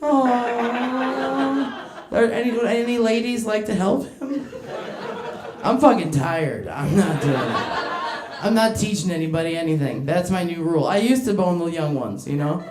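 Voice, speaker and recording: A woman's voice: lowish voice, lively intonation, normal speed, reverberant, noisy background. A woman doing a stand-up comedy set in a club, brash and crude, working the crowd and laughing between her lines.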